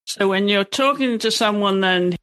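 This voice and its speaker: A woman's voice: mid-range voice, moderate pace, a bit bright. A woman hosting an interview in an easygoing manner, with frequent ums and yeahs. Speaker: podcast host. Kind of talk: casual interview chat.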